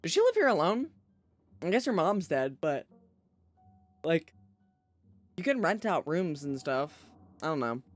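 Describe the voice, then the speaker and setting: A man's voice: a little high, sing-song, unhurried, pauses often. A young man casually chatting and joking while streaming a story game, playful and profane. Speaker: gaming streamer. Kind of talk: casual let's-play commentary.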